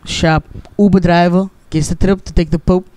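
A man's voice: high voice, flat delivery, moderate pace, darkish tone. A man with a South African accent, a podcast guest earnestly sharing a faith testimony and often saying "bro". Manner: earnest, preachy, calls listener "bro". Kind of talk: casual testimony. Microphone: studio mic.

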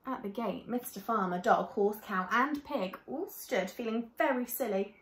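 A woman reading a children's story aloud in a gentle, expressive way, often turning to talk directly to young listeners. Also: on the high side, normal speed, roomy sound.

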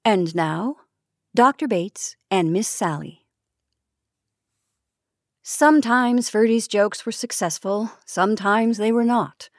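A woman from the San Francisco Bay Area reading vintage short stories aloud in a measured storytelling manner, lightly voicing the dialogue. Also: fairly high pitch, no echo, clean studio sound. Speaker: narrator.

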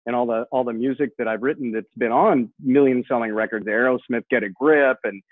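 A man in his sixties, a guest rock musician, telling stories in an excitable way with many repeated words and restarts, heard over a phone line. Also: medium pitch, brisk, dry recording. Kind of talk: animated storytelling. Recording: tinny phone line, dry.

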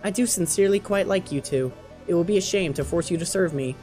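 A man's voice: high voice, quick pace, darkish tone, faint music behind, close to an everyday voice. A man voicing a gloating, regal robot queen villain in a game, speaking in a grand, mocking way.

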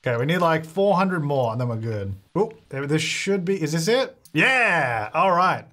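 Young man, casual gameplay commentary, joking, chatty, slightly high voice. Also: very animated, normal speed, few pauses, sharp tone. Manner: joking, chatty, talks to the game characters. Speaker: gaming YouTuber.

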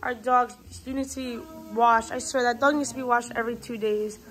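A woman's voice: a little high, fairly even intonation, fairly quick. A young woman filming a casual home vlog on her phone, bubbly and gushing as she shows her family gathering. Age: young adult. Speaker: vlogger. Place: busy family home indoors. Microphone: handheld phone camera.

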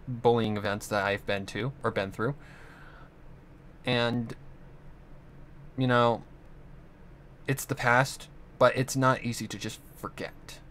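A man's voice: medium pitch, fairly bright tone, a little hiss or hum. A young man talking into the camera in a rambling, earnest monologue, swearing often as he talks about his own past. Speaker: channel host. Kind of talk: casual monologue.

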